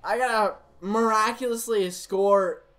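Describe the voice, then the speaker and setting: High-voiced young man streaming a baseball game. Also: measured pace. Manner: excitable, talks to the game and chat, frustrated outbursts. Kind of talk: live gameplay commentary.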